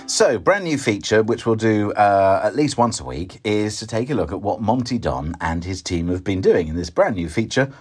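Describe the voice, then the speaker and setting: A man's voice: lowish voice, big pitch swings, moderate pace, darkish tone, breathy edge. A man hosting a podcast, giving a casual walk-through of his garden outdoors with wry, self-deprecating asides and a slightly breathless edge. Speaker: podcast host.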